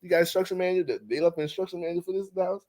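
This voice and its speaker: A man voicing an eager, fix-it-obsessed friend who takes charge briskly and swears casually. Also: high-pitched, fairly even intonation, a little mellow, pitched above the performer's own voice, close to an everyday voice. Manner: brisk, take-charge, profane.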